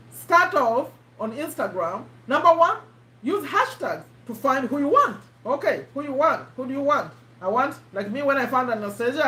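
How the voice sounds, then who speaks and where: Woman host, high voice, live stream teacher, repeats herself, echoey room. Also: fairly bright tone. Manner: chatty, repeats herself, quizzes her audience. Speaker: host teaching online marketing.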